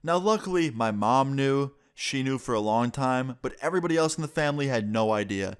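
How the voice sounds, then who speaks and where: A young man telling a story casually on his vlog, animated and profane, acting out the dialogue he quotes. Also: mid-range voice, fairly quick, smooth. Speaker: storytime vlogger.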